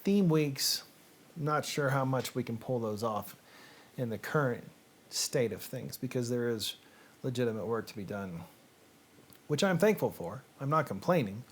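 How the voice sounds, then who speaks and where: A man hosting a casual reading show, chatting to camera in a rambling, hesitant way with many fillers and quiet asides. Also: mid-range voice, expressive, a little slow, slightly rough. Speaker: host.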